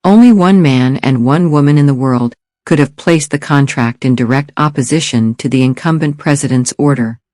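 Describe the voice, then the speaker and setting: Here a mid-range male voice delivers scripted thriller narration as an audiobook narrator, steady and measured in his storytelling. The recording is dry and cleanly studio-produced.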